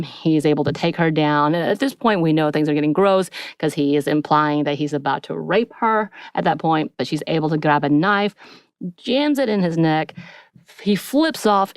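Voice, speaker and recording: A woman's voice: lowish voice, clean tone, no room sound, studio quality. A woman co-hosting a podcast, casually recapping a TV episode in a rambling, storytelling way with filler words. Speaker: podcast co-host.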